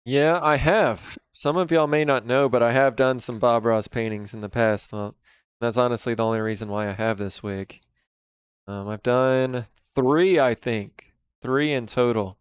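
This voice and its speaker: A man in his thirties chatting casually on a live stream, relaxed and rambling as he talks with viewers while working. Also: medium pitch, a little slow, clear, resonant tone, no echo, clean studio sound. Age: 30s.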